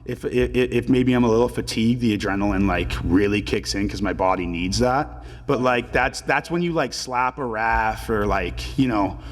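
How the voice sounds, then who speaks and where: A man's voice: fairly low pitch, normal speed. Laid-back young man, filler-heavy, reverby. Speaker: podcast guest, pro hockey player. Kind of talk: casual storytelling interview.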